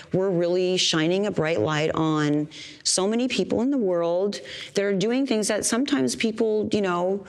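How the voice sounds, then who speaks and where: Bubbly, enthusiastic woman talk show host. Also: mid-range voice. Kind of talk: upbeat talk show hosting.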